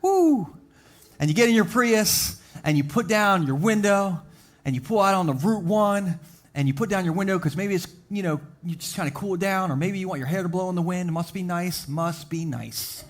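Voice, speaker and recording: Recorded at a live church service with soft background music, this high-voiced pastor tells humorous stories, briefly impersonating the people in them. When he reaches his main points, his delivery turns slow and emphatic.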